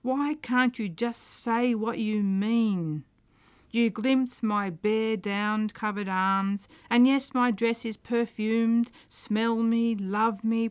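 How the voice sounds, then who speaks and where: A woman's voice: on the high side, slow pace, clear, resonant tone, no room sound, voice pushed up. A woman reading as a bossy exasperated woman. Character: brisk woman lecturing her indecisive suitor.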